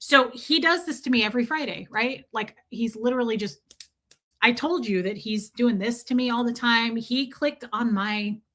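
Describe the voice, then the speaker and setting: A woman's voice: fairly high pitch, normal speed, fairly bright tone. A woman hosting a livestream, telling a story in a candid, chatty way, swearing freely and answering viewer comments. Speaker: livestream host.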